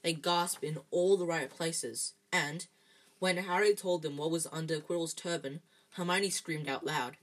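A woman reading a storybook aloud in a plain, steady storytelling manner, with the odd slip and self-correction. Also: deep voice, unhurried, rough recording. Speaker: reader.

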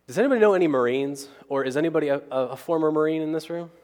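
Racing along with lively intonation, this man has a slightly high, darkish voice. He shares a personal story as a sermon, keeping it conversational and asking the audience "right?" after almost every point, with long hall reverb around him.

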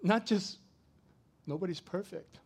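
A middle-aged man preaching a sermon, swinging from loud to soft as he tells a story. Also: high voice, unhurried, creaky, breathy edge. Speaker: pastor.

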